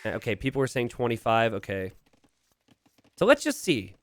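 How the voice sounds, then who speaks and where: A man's voice: medium pitch, wildly swooping pitch, normal speed, no echo. A young man from Pennsylvania casting a strategy game on a live stream, rambling casually and chatting with viewers. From Pennsylvania, USA. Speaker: game caster.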